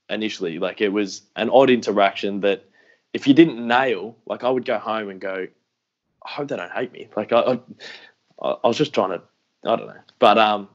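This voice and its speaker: A young Australian man, an AFL YouTuber, appears as a guest on a casual podcast interview, rambling through self-deprecating stories and acting out what people said. His voice is lowish and the audio sounds dull.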